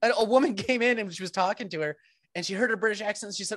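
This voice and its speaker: A woman's voice: mid-range voice, very fast, a bit bright. An American woman co-hosting a podcast, joking and swearing in casual chat. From United States. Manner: playful, joking, profane. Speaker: podcast co-host.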